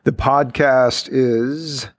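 A man hosting an interview podcast, talking haltingly with many fillers and restarts. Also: medium pitch, fairly even intonation, dry recording. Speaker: podcast host. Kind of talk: casual interview. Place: Chicago.

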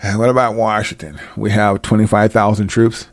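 A man's voice: fairly low pitch, little pitch movement, normal speed, no room sound, voice pushed down, lightly acted. A man voicing a cold older leader giving orders. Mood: cold, commanding.

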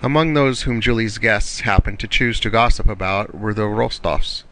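A man narrating an audiobook in a measured, even reading. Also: lowish voice, low-quality recording. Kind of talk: scripted narration.

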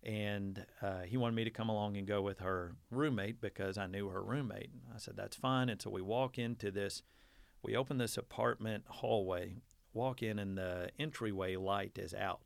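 A man's voice: on the low side, steady tone, moderate pace, vocal fry, dry recording. A man in his forties, a teacher, telling a long folksy story in a casual interview and acting out the quotes. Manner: folksy, self-deprecating storyteller who acts out quotes.

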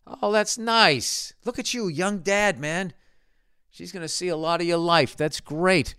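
Male podcast host, sarcastic and swearing, smooth clear voice, bone-dry sound. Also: sits high, a little slow, sharp tone, no room sound. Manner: profane, rambling, sarcastic. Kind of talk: casual comedic rant and ad read.

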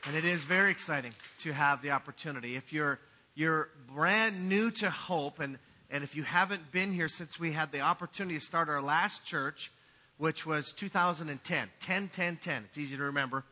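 A man's voice: fairly high pitch, moderate pace, bright, forceful tone. A man pastor giving a sermon in a conversational, joking way.

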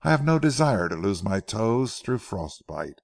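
A man voicing a haughty, mocking gentleman who brushes off a policeman's questions. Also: on the low side, very animated, unhurried, creaky, no echo, clean studio sound, heavily acted. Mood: scornful. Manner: scornful, dismissive laughter in his words.

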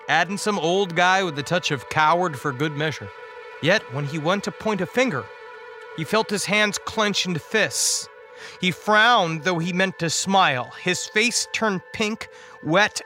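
A man as guest preacher, reading a dark comic story in a wry, dramatic way. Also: high-pitched. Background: music.

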